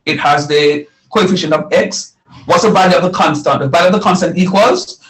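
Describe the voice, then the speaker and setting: A man's voice: high-pitched, fairly quick, a bit bright, low-quality recording. A middle-aged man teaching a live math lesson, repeating phrases and quizzing his students as he explains.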